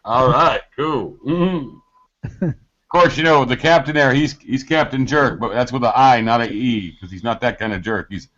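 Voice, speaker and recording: A man's voice: medium pitch, normal speed, a bit bright, highs cut off. A man bantering in casual chat, joking and rambling.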